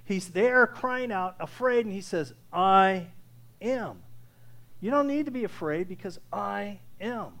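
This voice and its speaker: Male pastor, high voice, sermon delivery that shifts from hushed to loud, asks the room questions. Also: animated. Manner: swings from hushed, slow lines to loud preaching, asks the congregation questions.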